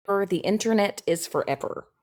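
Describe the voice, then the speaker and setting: A woman chatting casually on a livestream, repeating herself and sliding from soft mutters into sudden high squeals. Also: expressive, moderate pace. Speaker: TikTok live streamer. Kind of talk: casual rambling chat.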